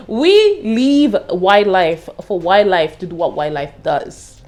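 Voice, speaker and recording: A woman's voice: mid-range voice, slow pace. Young british woman gossiping about a tv show, laughs a lot, chatty and loose. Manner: animated, laughing, slangy asides. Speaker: TV review vlogger. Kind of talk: casual chatty review.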